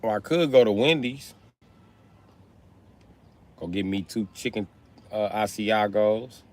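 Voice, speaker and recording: A man chatting casually on a livestream, telling animated, profane stories with frequent laughter. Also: on the low side, slow pace.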